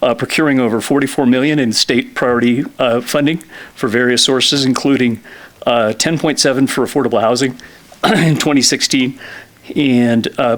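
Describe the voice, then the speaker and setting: Man in his fifties, out of breath, presenting to a council, throat clearing, mid pitch. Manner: frequent throat clearing and fillers. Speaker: legislative lobbyist presenting to council. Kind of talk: formal presentation. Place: council chamber.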